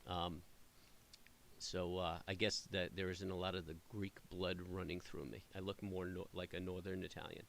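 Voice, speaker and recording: A man's voice: deep voice, level tone, normal speed, vocal fry, a bit bright, a little hiss or hum. A middle-aged man hosting a trading stream, chatting casually with viewers in a rambling way, full of fillers and restarts. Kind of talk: casual chat with live viewers.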